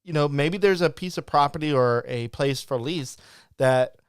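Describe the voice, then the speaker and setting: A man's voice: a little high, moderate pace, smooth, no room sound, studio quality. Man hosting. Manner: rambling, many restarts and acted-out quotes. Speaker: podcast host. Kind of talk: casual live interview chat.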